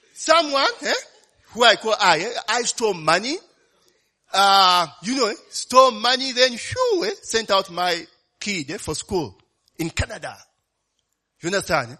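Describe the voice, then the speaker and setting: A man preaching in a conversational, animated way, often tagging lines with "eh?". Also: high-pitched, husky. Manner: conversational, keeps asking "eh?" and "you know". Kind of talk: sermon.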